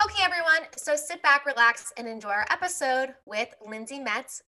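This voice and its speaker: A young woman in her twenties co-hosting a podcast in casual chat, talking quickly with many "like" fillers. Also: high-pitched, expressive, bright, forceful tone. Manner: chatty, frequent "like" fillers. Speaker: podcast co-host.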